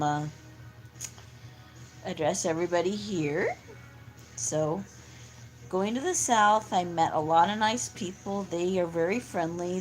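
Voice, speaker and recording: A woman's voice: lowish voice, darkish tone. A middle-aged woman talking in a casual, rambling monologue, full of fillers and restarts. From California. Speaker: vlogger.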